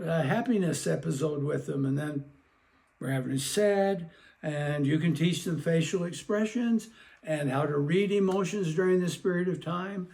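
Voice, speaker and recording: A man giving an educational talk on child development, lively and acting out playful exchanges with children. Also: high voice, normal speed, vocal fry. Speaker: parenting expert.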